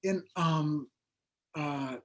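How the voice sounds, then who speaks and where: A man's voice: fairly high pitch, drawn-out words. A man who is an author guest in an interview, telling his story in a rambling, hesitant way with many fillers. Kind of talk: conversational interview.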